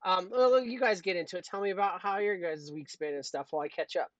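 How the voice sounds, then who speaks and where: A man's voice: sits high, quick pace, no echo. A man co-hosting a podcast in casual chat, joking and rambling. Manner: joking, rambling, puts on silly voices. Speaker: podcast co-host.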